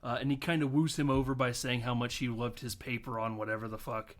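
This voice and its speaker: Man, podcast host, casual film recap, storytelling, laughing, medium pitch. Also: level tone, fast talker. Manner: storytelling, laughs often and acts out quotes.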